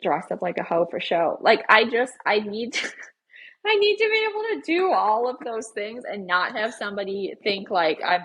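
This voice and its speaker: Husky, chatty young woman. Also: mid-range voice, normal speed. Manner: chatty, animated, over-explaining. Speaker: podcast co-host. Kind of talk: casual chat.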